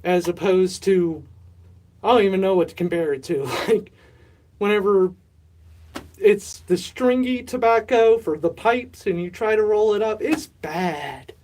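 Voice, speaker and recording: A livestream host with a medium-pitched, slightly slow, darkish voice chats casually with viewers while working on a home mushroom setup. They ramble, talk to chat, and poke fun at themself.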